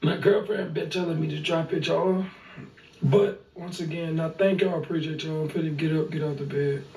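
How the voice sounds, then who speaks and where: A man vlogging in a laid-back, joking way, hoarse after just waking up. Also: a little high, steady tone, moderate pace, darkish tone, recorded from a distance. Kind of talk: casual vlog chat. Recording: roomy, off-mic with faint background.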